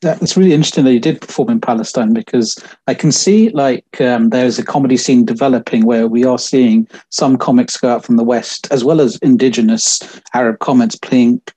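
A man's voice: mid-range voice, fairly quick, hardly any pauses, warm tone, slightly rough. A man interviewing a guest, asking long, rambling, thoughtful questions. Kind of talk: casual interview chat.

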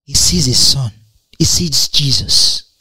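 A woman's voice: rumbling low, animated, takes it slowly, pushed and bright, husky, no echo. A woman preaching a sermon, emphatic and repetitive, asking rhetorical questions and laughing between points.

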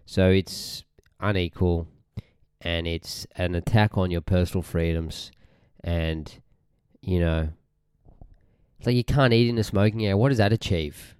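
A young Australian man hosts his own podcast, ranting in a rambling, swearing, easily irritated way. His voice sits very low and sounds smooth and resonant. The recording is close and dry, with no room sound. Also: a little slow, pauses often, a little mellow, dry recording. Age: young adult. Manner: rambling, irritated, sweary, often trails off mid-sentence. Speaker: podcast host. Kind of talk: casual ranting monologue.

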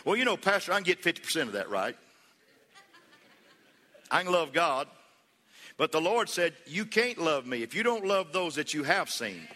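A man preaching with a bright, ringing voice in a church hall with a long reverb tail. He builds to fervent peaks, calls on the congregation to repeat after him, and mixes in folksy humor and stories. His voice sits a little high for a man. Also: big pitch swings, moderate pace, pauses often. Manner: preaching with rising fervor, calls for congregation responses. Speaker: pastor. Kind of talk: sermon.

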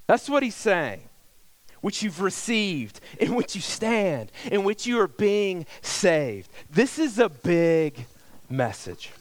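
A middle-aged male pastor preaching a sermon, telling a personal story conversationally and swinging between loud emphasis and hushed, near-whispered lines. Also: high-pitched, dry recording.

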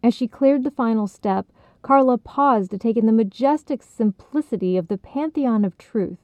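A woman in calm storybook narration, soft and unhurried, over a dry, tinny phone-like sound. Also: on the high side, no room sound.

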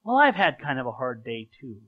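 A man's voice: mid-range voice, sing-song, a little fast, dull audio. A man preaching a sermon in an earnest, conversational way, often repeating words as he restarts his sentences. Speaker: pastor. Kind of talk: sermon with a live stage illustration.

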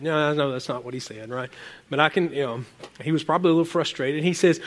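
A man preaching a sermon as a pastor, animated and rambling, often repeating words and swinging between loud exclamations and quiet asides. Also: a little high, fast.

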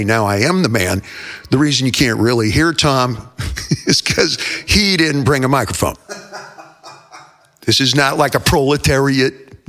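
A man's voice: medium pitch, fairly bright tone. An older man hosting a show, telling rambling jokes in a theatrical, self-mocking way. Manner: theatrical, joking, self-mocking, wanders off topic. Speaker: host. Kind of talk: rambling comic monologue.

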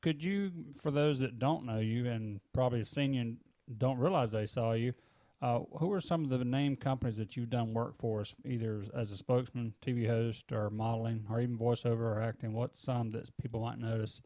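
A man's voice: medium pitch, fairly even intonation, a little fast, mellow, no room sound. A man hosting an interview show, steering the questions in an organized way. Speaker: host.

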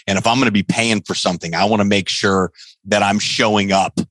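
A male podcast host with a low voice talks casually and tells stories with lots of "um" and "you know". His voice is close and dry, with no room sound. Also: fairly quick, dry recording. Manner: lively storyteller, many fillers. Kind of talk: casual interview chat.

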